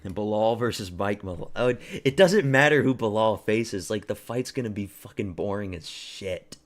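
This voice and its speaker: A man's voice: lowish voice, animated, normal speed. Young Canadian man rambling on a stream. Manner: crude, rambling, talks to chat, mocks fighters. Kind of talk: casual live-stream chat.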